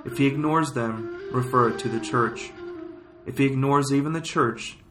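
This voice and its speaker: A man reading scripture and prayers as a liturgical reader, in solemn, measured phrases. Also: mid-range voice. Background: flute music.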